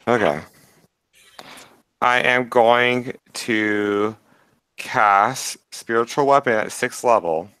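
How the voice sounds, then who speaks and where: A man playing a tabletop game, deliberately asking rules questions. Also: medium pitch, fairly bright tone, clean tone, no room sound, rough recording. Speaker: player. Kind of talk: casual tabletop game talk.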